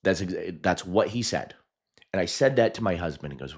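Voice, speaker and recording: Guy with a real deep voice telling a story, lots of ums and laughs, swings up and down a lot. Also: moderate pace. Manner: animated, chatty, laughs often, many fillers. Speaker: hypnotist and video host. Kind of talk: personal storytelling.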